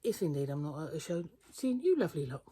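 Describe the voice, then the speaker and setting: A woman's voice: low voice, big pitch swings, quick pace, breathy edge, dry recording. A woman giving a casual, half-whispered vlog tour of her garden and cupboard early in the morning. She chats fondly as she walks, sometimes talking to her cat, with the camera held in her hand. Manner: hushed, half-whispering chatter; chatty and fond, talking to the cat. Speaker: quilting vlogger. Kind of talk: casual vlog walk-around. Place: outdoor garden, then an indoor cupboard. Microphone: handheld phone camera. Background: birdsong and distant traffic.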